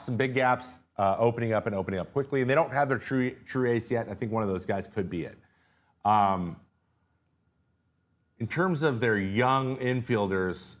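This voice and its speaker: Tired, rambling male show host. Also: mid-range voice. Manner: loose, rambling, jokey with filler words. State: tired, voice wearing out. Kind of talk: casual live-stream Q&A.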